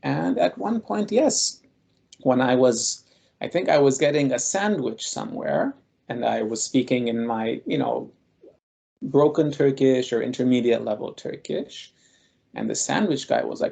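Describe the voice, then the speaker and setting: A man speaking as a guest scholar, telling personal stories in a measured, reflective way. His voice is gravelly and a little husky, with a mellow, dark tone. He pauses often as he thinks. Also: mid-range voice, lively intonation. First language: Armenian. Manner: thoughtful, measured, with frequent pauses.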